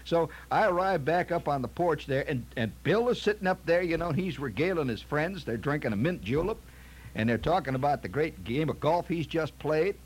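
Folksy rambling storyteller man, high and lively. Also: fairly quick, slightly rough. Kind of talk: comic anecdote monologue.

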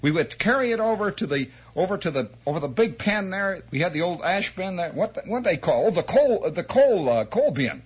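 A man telling a comic childhood story as a monologue, animated and chatty, with asides and mouth sound effects. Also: high-pitched, fairly quick, few pauses, breathy edge. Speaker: radio storyteller.

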